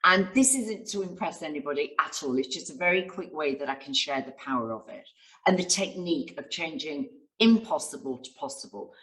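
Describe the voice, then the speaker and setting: A woman's voice: low voice, lively intonation, brisk, fairly bright tone, low-quality recording. A woman, a success coach, answering interview questions with enthusiastic storytelling and acted-out quotes. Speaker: guest speaker and success coach.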